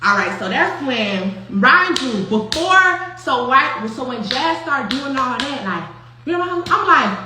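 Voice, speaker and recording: A young woman hosting a show, telling a story in casual, profane, animated talk with frequent laughter. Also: sits high, a little slow. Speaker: host. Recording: very echoey room with faint noise.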